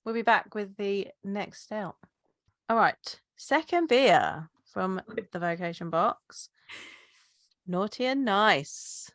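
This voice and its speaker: A woman's voice: medium pitch, expressive, slow, a bit bright, dry recording. British woman co-hosting a podcast, dry teasing banter, close dry mic. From United Kingdom. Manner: teasing, matter-of-fact. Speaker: podcast co-host. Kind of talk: casual chat.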